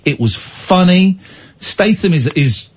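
Animated husky late-night radio host. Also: male voice, high voice, slow, dull audio. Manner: chatty, animated storytelling, playful.

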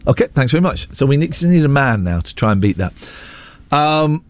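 Lively rambling radio man. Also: medium pitch, a little fast, no echo. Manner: rambling, self-deprecating, jumps between asides. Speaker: radio host. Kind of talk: casual on-air chat. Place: radio studio.

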